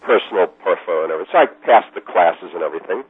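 A man telling a long anecdote in a rambling, animated way, often repeating himself, as a podcast guest. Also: low voice, rapid-fire, husky. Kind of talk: casual storytelling. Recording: dry, phone-like lo-fi sound.

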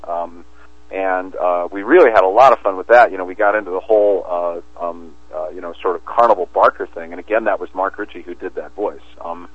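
Deep-voiced man rambling on a phone line. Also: steady tone, fairly quick, dry recording. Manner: rambling, many restarts and fillers. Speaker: guest. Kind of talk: casual interview talk. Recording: tinny phone line, dry.

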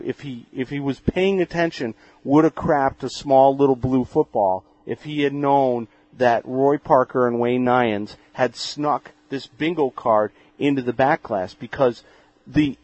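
A man's voice: medium pitch, darkish tone. Jokey male podcast host. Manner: jokey, chatty, easily amused. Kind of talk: casual podcast chat. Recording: dull lo-fi podcast audio.

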